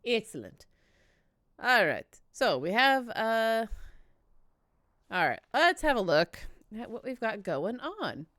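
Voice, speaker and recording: A woman's voice: a little high, big pitch swings, takes it slowly, pauses often, a bit bright, no echo, studio quality. A woman giving casual let's-play commentary, chatty and wry, talking to herself and the game as she plays. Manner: swears casually. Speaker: gamer playing through a story game.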